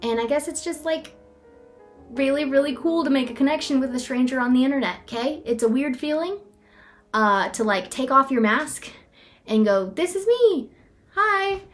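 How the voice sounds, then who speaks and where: A woman's voice: high-pitched, moderate pace, faint music behind. A young woman in a rambling, self-deprecating casual vlog, filling her talk with "like". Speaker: vlogger. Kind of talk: casual talking-head vlog.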